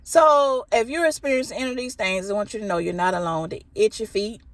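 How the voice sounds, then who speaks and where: A woman's voice: medium pitch, fast talker, no echo. A woman, chatting casually and emphatically to her viewers. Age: 40s. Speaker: vlogger. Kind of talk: casual direct-to-camera talk.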